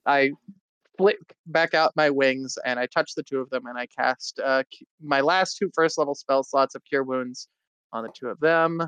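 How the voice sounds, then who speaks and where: A man's voice: medium pitch, steady tone, moderate pace, fairly bright tone, smooth, no room sound. A man casually playing a tabletop game in a wry, laid-back way. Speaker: player.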